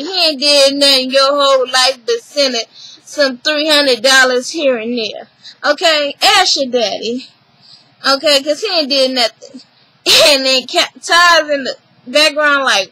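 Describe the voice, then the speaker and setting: Woman, casual vlog recap, animated retelling, bright tone, slow pace. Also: sits high, rough recording. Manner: animated retelling, acts out others' lines, emphatic. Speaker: reality TV recapper.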